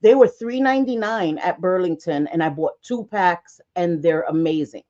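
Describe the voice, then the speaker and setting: A woman's voice: lowish voice, normal speed, mellow, highs cut off. A woman host chatting casually on a livestream, telling stories with frequent laughs and restarts and swearing freely.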